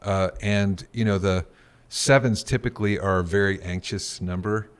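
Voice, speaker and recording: Very deep-voiced, earnest man. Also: fairly even intonation, moderate pace, smooth. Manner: earnest and thoughtful. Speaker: podcast co-host. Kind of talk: conversational podcast interview.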